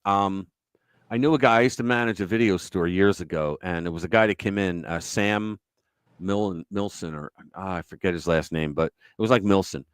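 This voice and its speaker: Male stream host, fairly low voice, dry close sound, loose storytelling with swearing. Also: normal speed, clean tone, dry recording. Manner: rambling storyteller who swears freely. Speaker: livestream host. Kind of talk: casual chat.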